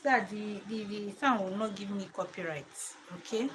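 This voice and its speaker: A woman, a mother chatting casually to camera from her living room, reflective and quick to laugh. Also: medium pitch, noisy background. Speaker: mother and home vlogger.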